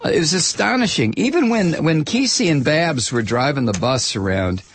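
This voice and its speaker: Gravelly, sardonic talk radio host man. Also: a little high, lively intonation, moderate pace. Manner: sardonic, reads listener mail aloud, rambling asides.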